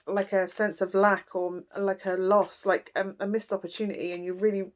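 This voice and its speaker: A woman's voice: mid-range voice, level tone, normal speed, slight background noise. Chatty, blunt woman reading tarot. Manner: chatty and blunt, with many fillers and asides. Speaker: tarot reader. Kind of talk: casual tarot reading to camera.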